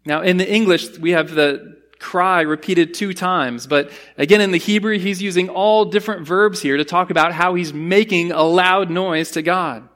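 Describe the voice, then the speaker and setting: A man preaching a sermon in an earnest, emphatic way, slowing down to stress key phrases and explaining Bible words in a teaching tone. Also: high voice, fairly bright tone. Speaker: pastor.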